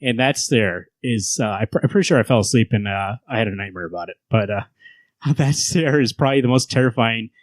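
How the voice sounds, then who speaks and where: A man's voice: medium pitch, brisk, dry recording. Rambling man hosting a comics chat. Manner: rambling, laughs while retelling scenes. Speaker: podcast host. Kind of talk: casual comic book chat.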